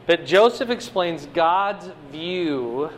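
Animated man preaching a conversational sermon. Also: fairly high pitch, takes it slowly, a little hiss or hum. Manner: animated, swings between loud emphasis and quiet asides. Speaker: pastor teaching a Bible passage.

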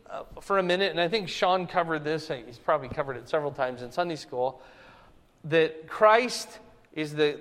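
A man's voice: high voice, a bit bright, long reverb tail. A man teaching a Bible study in a conversational way, often checking in with his listeners with "right?" and "okay?".

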